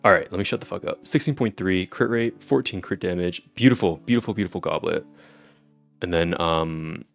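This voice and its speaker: Giddy gravelly young male streamer. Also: deep voice, animated, moderate pace, fairly bright tone, soft background music. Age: 20s. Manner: giddy, laughs often, swears casually. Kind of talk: casual live-stream chat.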